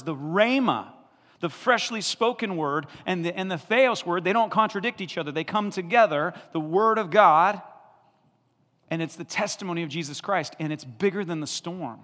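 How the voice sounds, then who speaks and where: A male pastor preaching an animated sermon, laughing often and acting out the people in the story. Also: high-pitched, in a large hall.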